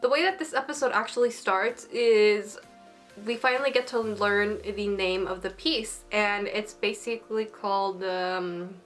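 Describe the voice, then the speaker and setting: A woman's voice: medium pitch, steady tone, measured pace, fairly bright tone, faint music behind. A woman chatting casually as an anime reviewer, bubbly and gushing, full of filler words. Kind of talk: casual chat.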